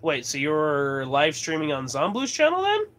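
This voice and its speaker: A man's voice: a little high, huge pitch swings, moderate pace, a bit bright. A man from Colorado chatting casually as host of his livestream, rambling and laughing often. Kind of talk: casual chat.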